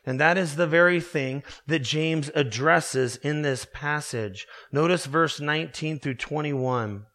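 A man's voice: fairly high pitch, a little slow, fairly bright tone. A man pastor preaching a sermon, earnest and emphatic, asking the listeners rhetorical questions.

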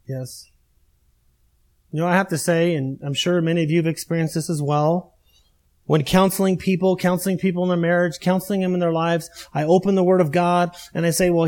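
A man's voice: fairly high pitch, a little mellow. A middle-aged male pastor preaching a sermon to his congregation, with emphatic, repeating phrases and a direct, pleading manner. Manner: emphatic, repetitive preaching cadence.

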